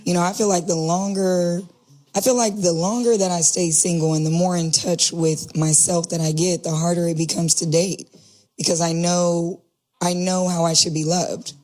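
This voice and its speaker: Frank woman, lowish voice. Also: steady tone, moderate pace, a little mellow. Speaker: guest. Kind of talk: casual radio talk.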